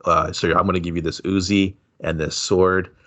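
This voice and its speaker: A man's voice: sits low, flat delivery, normal speed, fairly bright tone, dry recording. A man voicing a laid-back old martial arts master in an offhand, joking way. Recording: dull lo-fi audio.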